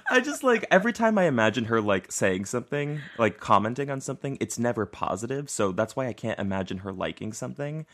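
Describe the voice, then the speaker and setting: A young man co-hosting a podcast, chatting casually and laughing often with animated asides. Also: mid-range voice, fast talker, few pauses. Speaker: podcast co-host. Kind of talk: casual chat.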